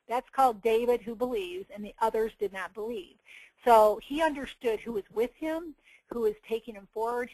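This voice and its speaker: A woman's voice: medium pitch, no echo, low-quality recording. A woman giving a motivational coaching talk in an earnest, preachy way, acting out little quoted bits. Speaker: success coach.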